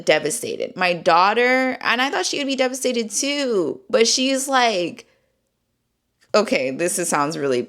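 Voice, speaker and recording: A woman's voice: mid-range voice, a bit bright. A woman in her thirties talking candidly in a personal vlog, rambling and swearing casually, near tears at times. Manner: talks through grief, voice breaking near tears. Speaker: vlogger.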